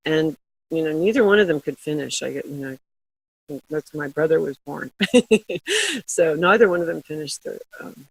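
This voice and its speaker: A husky, slightly raspy middle-aged woman talks through her stories in a relaxed interview, laughing often as she goes. Her voice is close and dry, with no room around it. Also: sits low, moderate pace, dry recording, poor audio. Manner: chatty storytelling, laughs often. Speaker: guest, glassware company founder. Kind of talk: casual interview chat.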